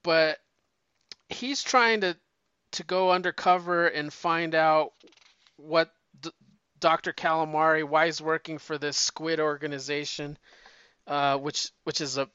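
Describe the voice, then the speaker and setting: A man's voice: a little high, fairly even intonation, a little slow, sharp tone, clean tone, dry recording. A man chatting casually and rambling about comics, swearing freely and restarting sentences, on a dull lo-fi recording. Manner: rambling, profane, frequent restarts. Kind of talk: casual chat.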